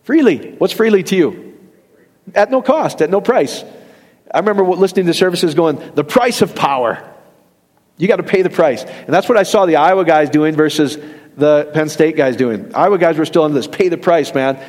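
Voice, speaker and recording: A man preaching a sermon in a lively, conversational way, acting out quoted voices as he talks to his congregation during a church service. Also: a little high, normal speed, long reverb tail. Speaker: pastor.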